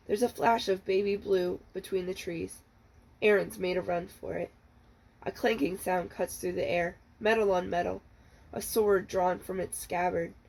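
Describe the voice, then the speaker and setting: A woman librarian reading the first chapter of a novel aloud, in a steady, measured storytelling manner. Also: medium pitch, creaky, low-quality recording.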